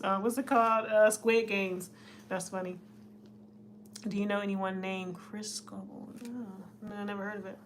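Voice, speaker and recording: A woman's voice: mid-range voice, steady tone, normal speed. Chatty woman doing a casual live stream to her chat, mid voice, bit of faint background noise. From United States. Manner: chatty, laughs often, talks to chat. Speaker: livestream host.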